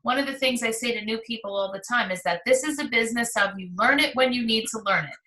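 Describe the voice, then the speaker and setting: High, bright woman coaching a sales team. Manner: enthusiastic, coaching. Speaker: direct sales team leader. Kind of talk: live training talk. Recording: roomy echo, distant from mic.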